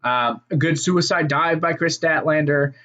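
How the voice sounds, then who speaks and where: A man's voice: fairly high pitch, normal speed, sharp tone. Profane rambling man reviewing wrestling. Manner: profane, rambling, fillers and restarts. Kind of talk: casual solo review.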